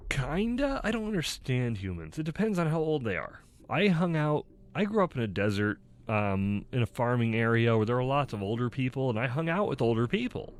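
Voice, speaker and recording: A man's voice: medium pitch, big pitch swings, fairly quick, hardly any pauses. A man reading personality test questions aloud and answering them candidly, rambling and often laughing at himself. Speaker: YouTuber taking an online personality test. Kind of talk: casual self-recorded talk, reading questions aloud and answering.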